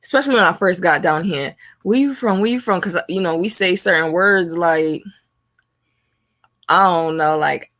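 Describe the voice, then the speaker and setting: A woman from the northern US talking as a guest on a casual video call, halting with fillers and laughing as she goes. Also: on the low side, fairly bright tone, no echo, studio quality.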